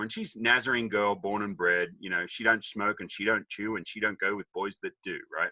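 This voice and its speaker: A middle-aged Australian man, a podcast guest, telling stories in a jokey, animated way and acting out the voices of people he quotes. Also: fairly low pitch, no room sound. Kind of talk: casual storytelling.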